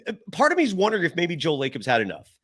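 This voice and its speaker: A man hosting a live postgame basketball talk show from his home, an animated storyteller who acts out quotes. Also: fairly high pitch, rapid-fire. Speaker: show host.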